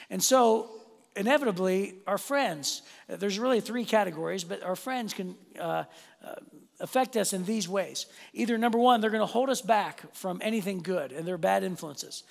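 A man preaching a sermon as a pastor, telling a personal story in an animated, self-deprecating way and speaking straight to the congregation. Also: high-pitched, vocal fry. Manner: animated, self-deprecating, addresses the audience directly. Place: church auditorium. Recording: long hall reverb.

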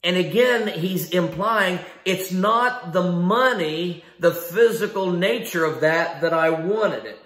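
A man's voice: sits high, takes it slowly, few pauses, a bit bright, echoey room. A man preaching a sermon in an emphatic style, asking rhetorical questions and repeating key phrases. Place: church sanctuary.

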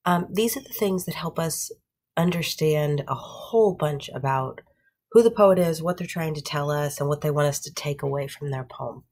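A woman's voice: low-pitched, moderate pace, a little mellow. A woman teaching a middle school class, explaining patiently with everyday examples and checking in with "okay?" and "right?" after each point. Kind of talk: classroom lecture.

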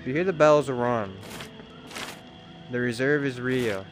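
A young man chatting excitedly to his viewers while streaming a game, swearing freely. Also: medium pitch, takes it slowly, over music. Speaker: livestreamer. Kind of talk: casual live gameplay chatter.

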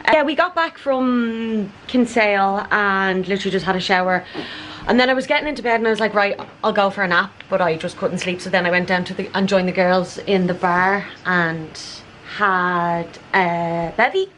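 A woman's voice: mid-range voice, moderate pace, fairly bright tone, a little hiss or hum, low-quality recording. Chatty young Irish woman vlogging. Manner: chatty, rambling, lots of fillers and laughs. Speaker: travel vlogger. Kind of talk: casual vlog chat. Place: outdoors on walks and indoors in a hotel.

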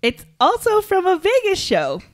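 A woman co-hosting a podcast in casual chat, animated and quick to laugh. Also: very high-pitched. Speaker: podcast co-host.

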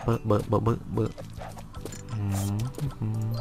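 A man's voice: on the low side, steady tone, very slow, music in the background. A man hosting a casual let's-play, rambling and joking to himself as he plays. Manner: rambling and self-amused, chats to himself. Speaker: gaming channel host.

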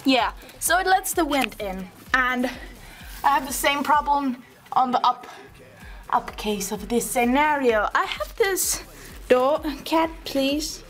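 A woman's voice: high-pitched, expressive, takes it slowly, a bit bright, faint music behind. A young woman chatting casually to her camera at home, giggly and casually swearing. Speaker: vlogger. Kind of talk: casual chat. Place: home, indoors by a balcony door. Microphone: camera mic.

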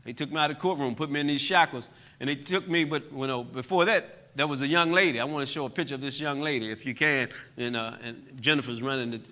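A man's voice: medium pitch, fast talker, hardly any pauses. Impassioned man speaking in church. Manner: impassioned, swings from loud to quiet. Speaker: guest speaker. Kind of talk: testimony talk to a church audience. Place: church hall.

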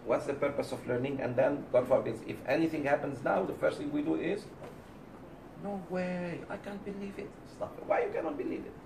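A man lecturing a class of women, his voice rising and falling in an animated way and slipping into the voices of the people he quotes. His pitch sits a little high for a man. He is recorded from across an echoey room, with a faint hiss behind him. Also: fast, creaky, hardly any pauses. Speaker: Islamic teacher. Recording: roomy, distant mic, faint background.

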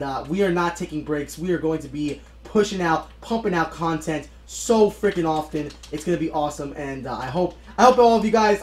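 A young man giving excitable live gameplay commentary, talking to his viewers and bursting into shouts at the game. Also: on the high side. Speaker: gaming YouTuber. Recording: roomy echoey room sound.

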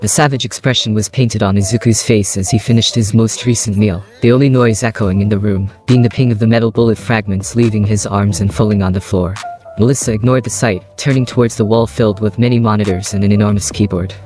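A man narrating a fan fiction story in a steady, even read-aloud manner. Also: lowish voice, fast talker, soft background music.

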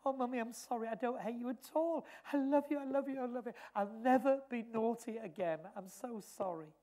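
A man's voice: extremely high pitch, a little fast, dark tone, pitched above the performer's own voice. A man voicing a small boy in a sermon story, pleading and with a raised voice. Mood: tearful. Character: tearful small boy, sulky then sorry.

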